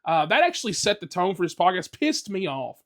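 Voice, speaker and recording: A man's voice: sits high, big pitch swings, fairly quick. A man hosting his own podcast, talking casually in a blunt, profane, ranting way with lots of fillers. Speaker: podcast host. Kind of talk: casual solo podcast rant.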